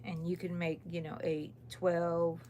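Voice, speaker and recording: Woman, Texan accent, unhurried drawl, chatty and rambling, live crochet chat, a bit tired. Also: lowish voice, little pitch movement, mellow, slight background noise. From Texas. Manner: rambling, chatty, reads viewer comments aloud. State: tired, yawning. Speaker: crochet channel host. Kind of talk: casual live-stream chat while crocheting.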